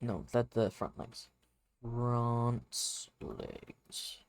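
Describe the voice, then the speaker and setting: Woman streamer, very low voice with a wide swing, smooth and clear, mumbles to herself while she works. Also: drawn-out words, no room sound. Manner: mumbles to herself, sings softly, talks to her cat. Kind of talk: casual stream narration while 3D modeling.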